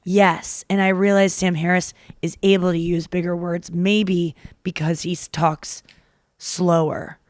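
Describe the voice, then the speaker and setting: Fast-talking woman podcast host. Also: on the low side, little pitch movement, no room sound, studio quality. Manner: fast-talking, rambling, self-deprecating. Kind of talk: casual chat.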